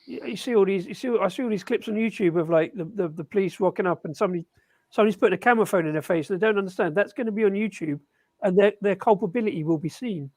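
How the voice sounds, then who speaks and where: A man talks fast in a casual live-stream chat, stumbling and restarting as he goes. His voice sits fairly high, and the recording is dry and close. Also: darkish tone, dry recording. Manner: hesitant, stumbles over words.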